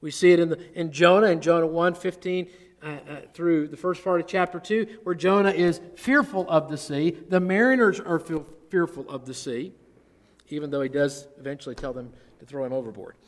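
A man with a notably high voice delivers an earnest expository sermon. He swells on important words and lets his phrases fall away quietly. The sound carries a long hall reverb. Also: fairly quick. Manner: earnest, varies loudness, drops low at phrase ends. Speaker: pastor.

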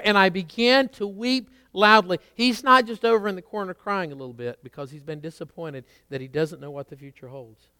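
High, smooth-voiced preacher, dry sound. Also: male voice, no echo. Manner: preaching with swells of emphasis and quiet asides. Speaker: pastor. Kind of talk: sermon.

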